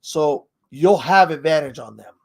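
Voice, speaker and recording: A man with a slightly high, gravelly voice and a breathy edge hosts a casual tabletop game tutorial at a measured pace. He explains the rules in a rambling way, chuckles often, and trails off while searching for words.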